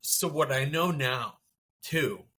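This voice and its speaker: A man on a podcast recounts his own experience in a loose, conversational way. His voice is bright and forward. He trails off and restarts his sentences often. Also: mid-range voice, lively intonation, a little hiss or hum. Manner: halting, many restarts and fillers. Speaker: podcast guest. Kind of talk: conversational storytelling.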